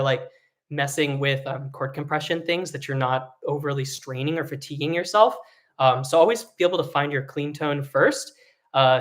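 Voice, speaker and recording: Chill vocal coach talking thru technique, lots of ums, easygoing explainer. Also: medium pitch. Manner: relaxed and explanatory, with frequent fillers. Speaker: singing teacher. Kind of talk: online vocal lesson.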